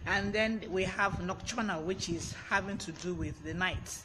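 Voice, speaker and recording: A man hosts a live-streamed word lesson, his voice pitched high and bright. He is chatty and breaks off to greet viewers by name. A faint fan hums behind him. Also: normal speed, hardly any pauses, a little hiss or hum. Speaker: vocabulary teacher on a live stream. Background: fan blowing.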